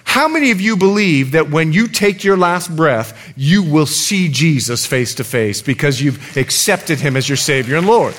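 Animated, high-voiced preaching man. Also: normal speed, hardly any pauses. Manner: lively, animated preaching with humor. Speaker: pastor. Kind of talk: sermon.

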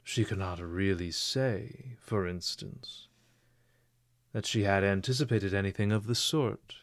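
Slow, low-voiced male audiobook narrator. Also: no echo. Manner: measured, expressive reading.

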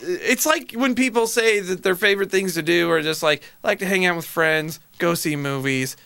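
A man's voice: high voice, moderate pace, creaky, bright, forceful tone, smooth, dry recording. A man hosting a casual, jokey podcast chat, reading out stats and breaking into silly voices. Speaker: podcast host.

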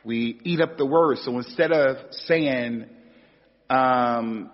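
A man's voice: mid-range voice, takes it slowly. An American man teaching an Islamic lecture, emphatic, repeating key words and rising sharply on rhetorical questions. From United States. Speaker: religious teacher. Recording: dull, echoey hall recording.

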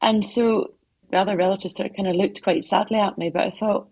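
In brisk, conversational interview answers, a middle-aged woman author shares heartfelt stories with soft asides from her home office. Her medium-pitched voice is steady, gravelly and husky, and there is no room sound.

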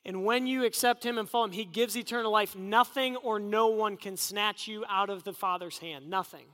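Man, preacher, earnest conversational sermon, high voice, reverberant hall. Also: moderate pace, bright, forceful tone.

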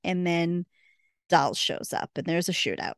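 A woman's voice: on the low side, lively intonation, a little slow, vocal fry, no room sound, clean studio sound. A woman co-hosting a podcast, chatting casually and recounting scenes with quoted dialogue. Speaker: podcast co-host. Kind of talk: casual recap chat.

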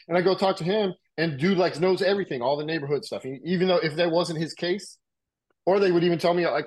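His voice runs on the high side, a little mellow and husky, and he talks fast. He's a middle-aged American writer being interviewed, casually recounting his past in slangy speech thick with "like" and "you know" while coughing from a bong.

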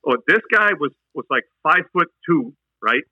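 A man's voice: on the high side, lively intonation, normal speed, dry recording, highs cut off. A man from New Hampshire telling an army story in a casual, rambling, profane way. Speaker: army veteran guest.

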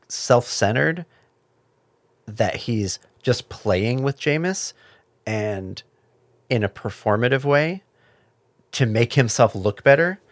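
A man co-hosting a podcast, recapping a miniseries in measured, thoughtful casual chat with hesitant fillers. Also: lowish voice, no echo. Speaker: podcast co-host.

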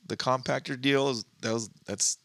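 Bright-voiced joking podcast host. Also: male voice, mid-range voice, steady tone, moderate pace, dry recording. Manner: crude, joking banter, laughs often. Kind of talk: casual chat.

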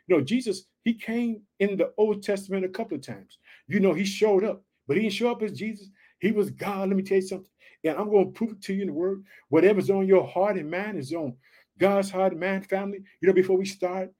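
A man preaching and praying to an online audience, excited and full of repeated catchphrases. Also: high voice. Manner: excited, repeats "let me tell you something" and "guess what". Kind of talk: online sermon and prayer.

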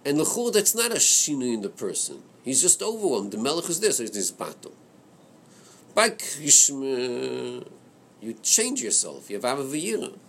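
A man leading a study class on a Chassidic text, thinking aloud in a hesitant, halting way that repeats words. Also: mid-range voice, huge pitch swings, a little hiss or hum. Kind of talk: Torah study class discussion.

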